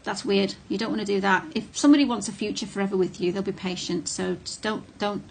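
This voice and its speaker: A woman's voice: mid-range voice, fairly even intonation, fast talker, vocal fry. A middle-aged woman talking casually to camera, blunt and candid, with frequent ums and restarts. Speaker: vlogger on narcissistic abuse.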